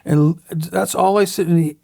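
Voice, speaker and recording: Brief: middle-aged male tattoo artist, high gravelly voice, swearing storyteller, close dry sound. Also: fairly even intonation, moderate pace, dark tone, no room sound. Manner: profane, blunt storytelling with acted-out quotes. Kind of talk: casual storytelling interview.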